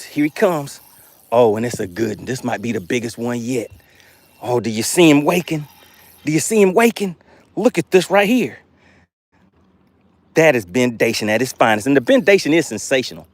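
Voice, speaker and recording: A man hosts a live fishing stream from his boat, reading viewers' comments and hyping every catch. His voice sits in an ordinary middle register but swings up and down a lot as he talks. The delivery is chatty and excitable. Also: mid-range voice, no echo. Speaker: fishing livestream host. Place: outdoors on a boat on a lake.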